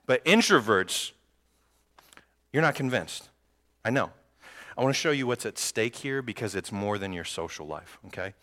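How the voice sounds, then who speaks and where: A man preaching a sermon as pastor, lively and joking with the congregation. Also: on the low side, moderate pace, long pauses. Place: church sanctuary. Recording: long hall reverb.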